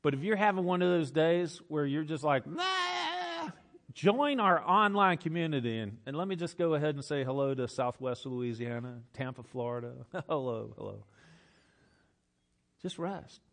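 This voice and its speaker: Male pastor, sermon delivery, emphatic with repeated phrases, slightly higher voice. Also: animated, moderate pace, fairly bright tone. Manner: emphatic, repeats phrases for effect, laughs often.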